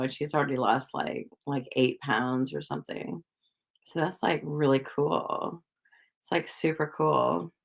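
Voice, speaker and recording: A woman's voice: low voice, gravelly. A woman chatting casually with viewers on a livestream, rambling with lots of fillers and little giggles. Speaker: psychic livestreamer.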